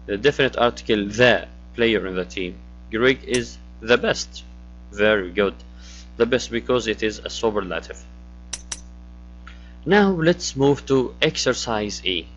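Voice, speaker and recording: A man walks through a grammar lesson at a slow, careful pace. He asks questions and repeats key words. The recording sounds a little muffled, with faint music behind him. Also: medium pitch. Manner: explains step by step, switches to Arabic glosses, asks questions. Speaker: English teacher.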